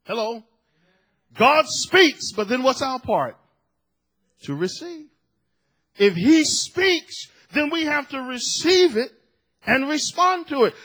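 A middle-aged male pastor preaching a sermon, swinging from shouted emphasis to hushed asides. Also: very high voice, big pitch swings, slow, long pauses, breathy edge, low-quality recording.

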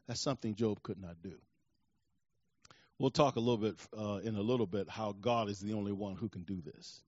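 A pastor preaching a sermon in a church, emphatic and repeating phrases to drive points home. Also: male voice, lowish voice, a little fast, darkish tone, no room sound, muffled recording.

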